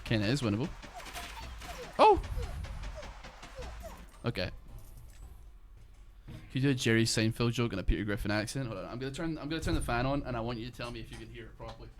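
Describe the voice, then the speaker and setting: A man's voice: medium pitch, fast, pauses often. A young man streaming from his bedroom, rambling and joking as he plays a game. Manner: rambling, jokey, thinks aloud. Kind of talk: casual gameplay commentary.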